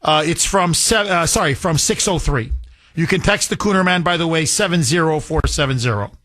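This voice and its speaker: A man hosting a talk radio show, emphatic and excitable, laughing often. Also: on the high side, fairly quick, no echo, clean studio sound.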